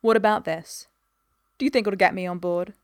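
A woman's voice: medium pitch, fairly even intonation, moderate pace, no room sound, studio quality, close to an everyday voice. A woman voicing a stern male police inspector who speaks in short, clipped lines.

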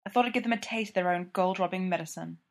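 A woman voicing a bold, flirtatious high-society lady detective, playful and teasing in her delivery. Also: sing-song, brisk. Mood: defiant.

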